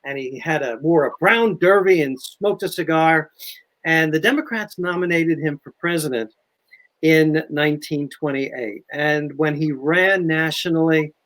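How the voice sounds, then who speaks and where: An older man chatting as a historian guest, telling history stories in a lively, animated way. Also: fairly high pitch, a little slow. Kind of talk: casual history chat.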